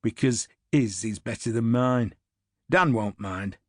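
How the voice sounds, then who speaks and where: Man reading grumbling army officer, tall and lean, curt, husky, slow. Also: mid-range voice, no echo, clean studio sound, natural voice. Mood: surly.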